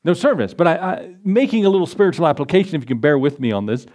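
A man's voice: fairly high pitch, very animated, fast talker, darkish tone. Man preaching a conversational sermon. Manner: conversational preaching, acts out prayers and quotes. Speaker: pastor. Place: church in front of a congregation.

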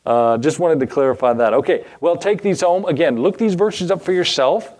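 A man's voice: on the high side, expressive, normal speed, darkish tone. A male pastor preaching a sermon in a casual, folksy way, with asides and chuckles.

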